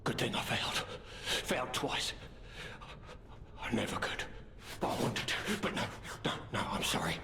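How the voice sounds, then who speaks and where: A man's voice: mid-range voice, animated, moderate pace, creaky. An actor playing a frightened, half-drugged male survivor in a video game, pleading and rambling in broken, repeated words. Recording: game audio over loud ambient noise.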